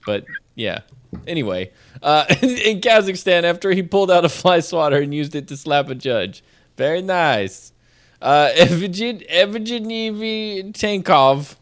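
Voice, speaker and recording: A man co-hosts a casual stream show with a slightly high voice. His delivery is lively, with pitch swinging widely as he reads odd news and chats. He laughs often mid-sentence. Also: normal speed. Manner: laughs often while reading, animated. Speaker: co-host.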